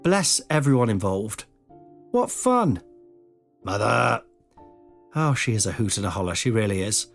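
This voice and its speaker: A man's voice: on the low side, unhurried, creaky, pauses often, faint music behind. A man in his forties casually telling a funny personal story as podcast host, swearing and acting out the voices. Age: 40s. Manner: lively, swears, acts out voices.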